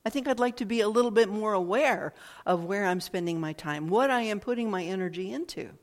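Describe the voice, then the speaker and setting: A woman giving a thoughtful, reflective talk at an unhurried pace, often repeating phrases and pausing to find words. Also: medium pitch. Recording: long hall reverb.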